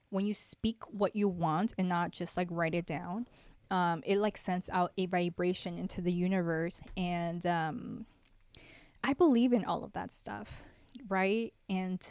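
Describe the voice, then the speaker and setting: A woman's voice: fairly low pitch, clear, resonant tone, no room sound. A young woman hosting her own podcast, talking in a rambling, reflective way with lots of fillers and restarts. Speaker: podcast host. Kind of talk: casual solo podcast talk.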